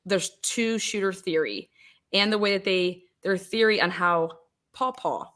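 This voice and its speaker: A woman hosting an interview over a video call, chatting in a lively way and often quoting her own reactions. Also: medium pitch, measured pace. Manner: chatty, animated, quoting herself. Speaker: host. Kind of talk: casual interview chat.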